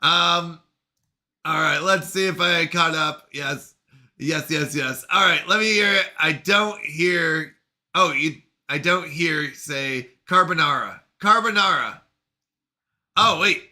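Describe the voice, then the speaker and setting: This Canadian streamer speaks slowly in a slightly high voice that sounds pushed and bright. Playful and casual, he reads out messages from chat, kids around, and makes jokes about how words are pronounced.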